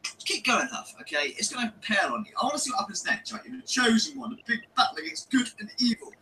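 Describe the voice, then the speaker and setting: High, sharp-voiced man ranting. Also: big pitch swings, quick pace, recorded from a distance, soft background music, low-quality recording. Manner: heated, sweary, sarcastic. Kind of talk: angry ranting video monologue.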